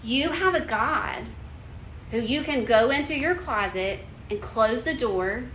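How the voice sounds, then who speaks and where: A woman with a bright, clear-edged voice gives a heartfelt devotional talk. She speaks in an earnest, conversational way, often falling back on "like" and "you know". Her voice rings a little in a roomy space over faint background ambience. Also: on the high side, expressive, unhurried, slight background noise. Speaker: women's Bible teacher.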